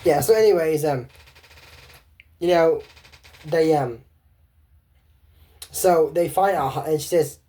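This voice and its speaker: A woman's voice: deep voice, slow, long pauses, dark tone, husky. A woman giving a casual, rambling recap of a cartoon episode, with sarcastic asides.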